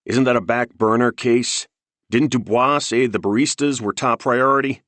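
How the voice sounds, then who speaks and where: A man's voice: low voice, lively intonation, moderate pace, dry recording. A man doing a stressed, sleepless detective. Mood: sharp. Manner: urgent, snapping under stress.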